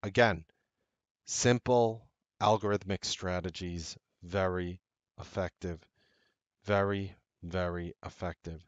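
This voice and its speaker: Guy walking thru stock charts, lowish voice, keeps repeating stuff to hammer it home, dry close mic. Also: no room sound. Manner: emphatic, repeats key points. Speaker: trading strategist. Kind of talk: screen-share trading lesson.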